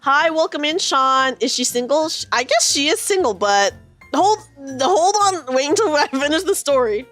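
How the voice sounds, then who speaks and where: A woman's voice: high-pitched, expressive, moderate pace, a bit bright, soft background music. A woman in her thirties chatting with her stream viewers from her room, telling a rambling story full of fillers and swearing now and then. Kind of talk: casual chat with live viewers.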